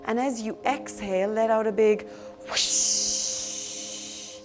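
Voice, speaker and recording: A young woman with an Irish accent and a high voice guides a children's yoga class. She is playful and encouraging, and she cheers on the kids at home. Soft music plays faintly behind her. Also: fairly even intonation, moderate pace.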